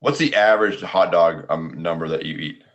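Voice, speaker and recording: Deep-voiced joking man on a dull mic. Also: moderate pace. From US Pacific Northwest. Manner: joking, rambling questions. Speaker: podcast co-host. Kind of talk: casual chat.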